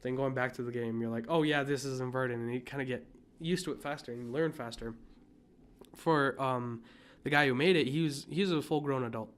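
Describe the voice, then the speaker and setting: A man's voice: medium pitch, brisk, a bit bright. Rambling young man on a podcast. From United States. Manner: rambling, many fillers and restarts, coughs now and then. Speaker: podcast co-host. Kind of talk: casual chat.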